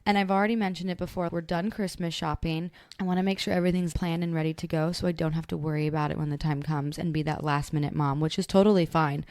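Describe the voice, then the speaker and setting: With a low-pitched voice, a quick pace and few pauses, a young podcast co-host tells a story during casual chat, animatedly acting out what people said. The sound is clean studio audio with no echo.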